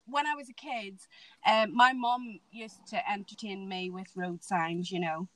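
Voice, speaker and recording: A woman's voice: medium pitch, steady tone, measured pace, no room sound, rough recording. A woman with a Hull accent co-hosting a podcast, chatty and teasing, laughing often. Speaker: podcast co-host. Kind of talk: casual chat.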